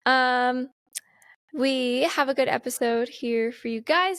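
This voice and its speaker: High-voiced young woman hosting a podcast, super welcoming, dry close mic. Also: unhurried, a bit bright, dry recording. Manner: bubbly and welcoming, laughing often. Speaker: podcast host. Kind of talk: casual podcast chat.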